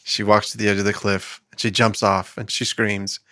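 A man's voice: fairly low pitch, flat delivery, normal speed, bright, forceful tone, no echo, studio quality. A man co-hosting a podcast, joking around and telling a long joke. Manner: jokey, tells jokes with put-on voices. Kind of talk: casual podcast chat.

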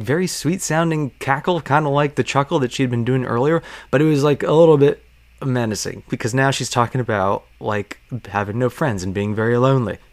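A man's voice: mid-range voice, no echo. A man telling a personal story about his job in a conversational, self-conscious way, using lots of fillers.

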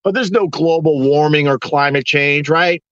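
A man's voice: a little high, moderate pace, a bit bright, dry recording, dull audio. A man hosting a live stream, ranting with sarcastic exasperation to the people watching.

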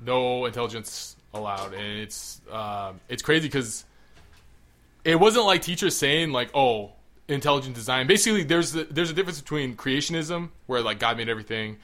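A man co-hosting a casual podcast chat, rambling and excitable, swearing freely. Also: medium pitch, normal speed. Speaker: podcast co-host.

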